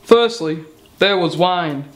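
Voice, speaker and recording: A man's voice: high voice, slow. An older man playing a chatty Australian outback grandpa. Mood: reflective. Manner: chatty, relaxed, jokey. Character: friendly, easygoing grandfather in a tiny outback town. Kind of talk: short film acting.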